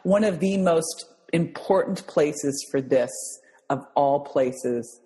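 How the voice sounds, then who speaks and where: A woman's voice: low-pitched, takes it slowly, long reverb tail, rough recording. A mother telling an emotional story in conversation, acting out the voices of the people in it and laughing often. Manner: animated, acts out quoted voices, laughs often. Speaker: guest, mother.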